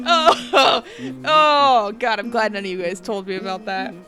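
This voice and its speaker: Animated woman streamer over game music. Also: mid-range voice, slow. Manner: expressive, laughing, yelling at the game. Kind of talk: gaming commentary.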